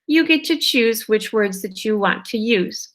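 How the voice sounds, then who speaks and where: Woman teacher, kindergarten phonics lesson; slow pace, draws out each sound, gentle check-ins. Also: a little high, animated. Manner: stretches out sounds and words slowly, checks in with "okay?". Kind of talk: slow, patient phonics lesson for young children.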